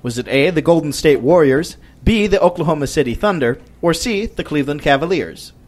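A man's voice: fairly high pitch, animated, a little fast. A young man announcing a sports quiz show as its game master, reading the rules in an upbeat scripted way.

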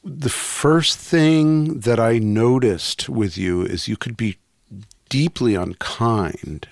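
An actor playing a boyfriend who talks slowly and deliberately, analyzing his partner. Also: mid-range voice, vocal fry, no room sound, clean studio sound. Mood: analytical.

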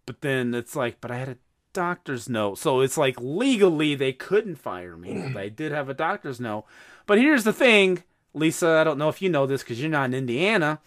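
A man hosting a podcast, telling a story in casual chat, animated and swearing freely. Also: fairly high pitch, normal speed. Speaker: podcast host.

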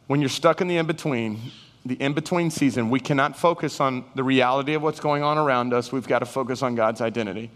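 Animated man preaching in a hall. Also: mid-range voice, quick pace. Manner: animated, acts out Bible figures and congregants in raised voices. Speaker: pastor. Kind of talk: sermon. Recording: reverberant hall sound.

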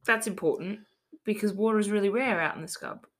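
A woman's voice: medium pitch, fairly quick. A woman hosting a podcast, telling a spooky local legend in a chatty, giggly way and reading out old quotes with asides. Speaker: podcast host. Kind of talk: casual storytelling chat.

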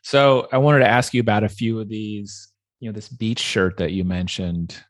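A woman's voice: very deep voice, steady tone, normal speed, no room sound, studio quality. A woman hosting an interview, asking curious questions and laughing along with her guest. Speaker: podcast host.

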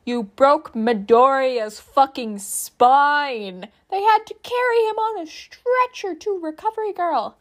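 A woman's voice: sits high, expressive, takes it slowly, hardly any pauses, voice pushed up. A woman voicing a furious swearing male teacher. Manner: yelling, swearing, cutting.

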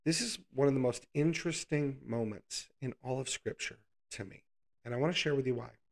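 A man's voice: mid-range voice, brisk, gravelly. A man preaching a casual, conversational Bible lesson, asking the listeners rhetorical questions and adding playful asides.

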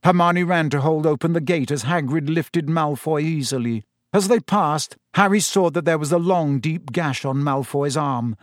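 A man's voice: a little high, normal speed, no echo. Man narrating a storybook, dry close sound. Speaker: audiobook reader.

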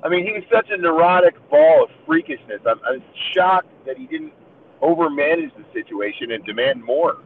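A man's voice: a little high, lively intonation, normal speed. A man in casual chat, rambling and joking with lots of fillers. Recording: tinny phone line with faint hiss.

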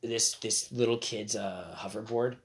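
A man's voice: fairly low pitch, steady tone, measured pace, over a noisy crowd. A young man telling rambling street stories in casual chat, laughing often and acting out the people he quotes. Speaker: co-host.

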